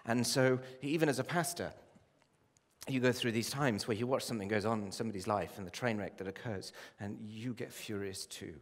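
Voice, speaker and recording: A man preaching a sermon as a pastor, with impassioned delivery that rises to loud pleading and drops low. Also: brisk. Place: church. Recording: long hall reverb.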